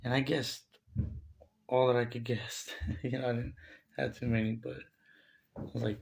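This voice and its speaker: A man with a gravelly, creaky voice tells a spiritual testimony in a loose, casual way. He speaks in a flat, level tone, full of fillers and restarts. The delivery is rambling and conversational. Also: medium pitch, moderate pace, pauses often.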